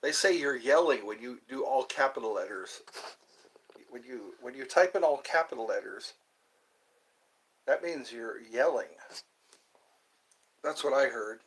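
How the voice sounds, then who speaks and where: A man's voice: medium pitch, lively intonation, measured pace, pauses often, slight background noise, rough recording. A man live-streaming in a casual chat, reading viewer comments aloud and rambling playfully with frequent giggles.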